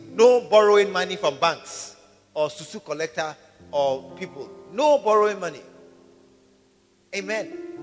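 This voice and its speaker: A man preaching a sermon to his congregation, calling for responses and rising to shouts. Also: sits high. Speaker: pastor. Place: large church hall. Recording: reverberant hall with faint music.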